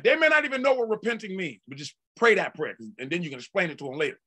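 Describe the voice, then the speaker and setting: A male pastor delivering a sermon in folksy, conversational talk that breaks into shouted peaks and drawn-out emphasis. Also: high voice, sing-song, husky.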